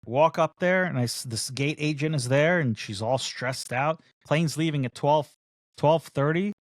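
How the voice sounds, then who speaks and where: A man's voice: fairly high pitch, moderate pace, no room sound, clean studio sound. A man co-hosting a casual podcast, telling a long story and acting out the other people in it. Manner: animated storyteller who acts out the other people in his story. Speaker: podcast co-host. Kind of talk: casual chat.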